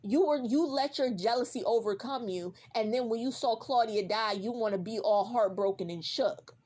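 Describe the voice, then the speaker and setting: A woman's voice: fairly high pitch, normal speed, darkish tone. Heated, profane woman ranting. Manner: profane, heated, repeats for emphasis; addresses a character directly. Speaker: vlogger. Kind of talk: casual reaction rant.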